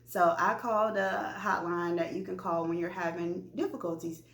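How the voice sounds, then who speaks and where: Woman vlogger spilling a personal story, animated, talks right to the viewers, echoey room. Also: fairly low pitch, normal speed, creaky. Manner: animated, chatty, addresses viewers directly.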